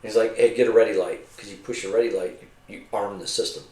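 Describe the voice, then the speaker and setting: A middle-aged man, a retired army veteran, spins rambling, profanity-laced war stories. He imitates the men he served with as he tells them. His voice sits at an ordinary pitch, and it sounds roomy and a bit distant from the microphone. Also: fast talker. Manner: profane, animated storyteller acting out his comrades' voices. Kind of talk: casual storytelling over drinks.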